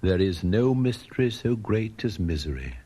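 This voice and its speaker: A man voicing a grave, gentle prince statue who speaks softly and commands with sorrow. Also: fairly low pitch, big pitch swings, normal speed, husky.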